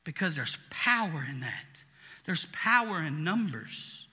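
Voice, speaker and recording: High, bright-voiced preaching man in a hall. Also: big pitch swings, unhurried. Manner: preaching, swings from quiet to shouting. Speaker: pastor. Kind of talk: sermon.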